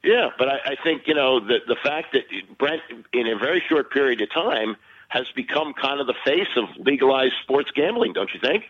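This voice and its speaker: A man's voice: mid-range voice, animated, moderate pace, narrow, tinny audio. A male sports broadcaster, a guest, chatting casually and animatedly with frequent chuckles.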